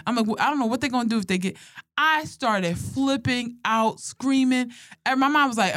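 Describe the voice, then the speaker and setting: A young woman chats casually, recounting funny personal stories with frequent laughter and plenty of swearing. Her voice is fairly high and her pace normal, and the studio-quality recording is dry. Her delivery is animated and profane.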